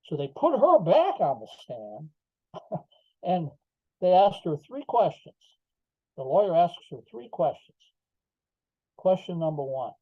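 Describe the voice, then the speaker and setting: A man's voice: a little high, big pitch swings, measured pace, pauses often, no room sound. An older man, a podcast guest, telling his story emphatically with rhetorical asides. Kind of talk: interview storytelling. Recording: slightly dull lo-fi audio.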